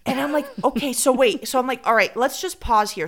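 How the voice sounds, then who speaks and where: A woman's voice: on the high side, fairly quick, few pauses. A woman, a podcast co-host telling a story in casual chat, acting out quotes and mixing in Spanish. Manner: animated, acts out quotes, code-switches into Spanish.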